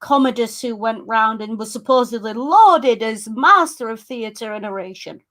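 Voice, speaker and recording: A woman's voice: fairly high pitch, animated, normal speed, fairly bright tone. A woman co-hosting a casual film commentary chat, wry and chatty, summing up points. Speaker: podcast co-host.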